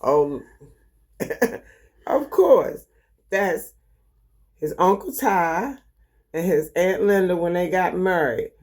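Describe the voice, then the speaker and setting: A woman in her sixties with a Baltimore accent, lively and dryly humorous as she tells a family story. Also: lowish voice, slow pace, long pauses. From Baltimore, Maryland. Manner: lively storyteller, animated quoting, dry humor. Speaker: vlogger's mother. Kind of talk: storytelling in casual chat.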